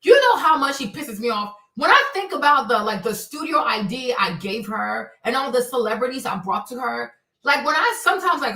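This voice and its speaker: She's a streamer host letting loose in a casual, profanity-heavy, exasperated rant on her livestream. The high, sharp voice sits far from the mic, with echo from the room.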